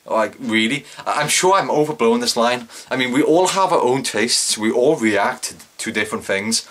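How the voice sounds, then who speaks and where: A man's voice: medium pitch, normal speed, a bit bright. A young man giving a casual solo review of a TV episode, rambling and correcting himself, with exaggerated cringing asides.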